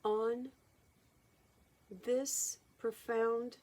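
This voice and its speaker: A woman channeling a gentle male spirit guide who counsels humanity, speaking in a slow, hushed, drawn-out way. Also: a little high, flat delivery. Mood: solemn. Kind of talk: spoken channeling.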